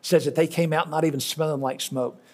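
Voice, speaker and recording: A man's voice: a little high, fairly even intonation, brisk, husky. A middle-aged male pastor giving a folksy sermon, telling stories and repeating lines for emphasis. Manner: folksy storytelling preacher with repetitions for emphasis.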